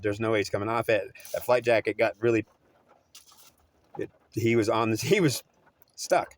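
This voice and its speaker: A man telling a story in a rambling, repetitive way, often restarting and correcting himself. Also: medium pitch. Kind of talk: oral storytelling.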